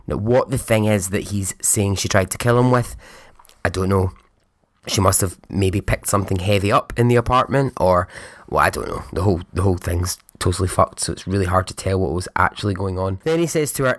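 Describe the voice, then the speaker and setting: A man's voice: low-pitched, fairly quick, no room sound, clean studio sound. A man hosting a podcast, telling a true crime story in a casual, blunt way and swearing often. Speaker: podcast host.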